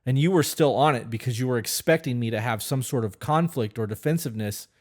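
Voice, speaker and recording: A man talks through a relationship issue on a podcast, blunt and profane, often restarting his sentences. His voice sits at an ordinary middle pitch and comes across as relaxed, unpolished conversation. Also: fast. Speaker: podcast co-host. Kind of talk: casual relationship chat.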